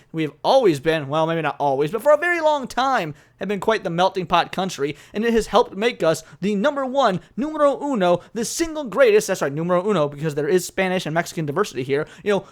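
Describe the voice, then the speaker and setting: An American man with a fairly high voice delivers opinionated commentary, reading from an article and then reacting to it. His tone is animated and exasperated, and he climbs into emphatic outbursts when he makes a point. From United States. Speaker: commentary host reacting to news.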